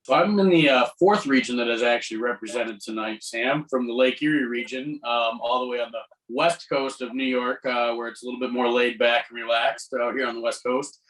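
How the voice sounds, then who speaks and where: A man's voice: mid-range voice, a little fast, a bit bright. A winemaker talking in a laid-back, rambling way from his home basement over a video call. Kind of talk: casual guest talk. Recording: distant from the mic.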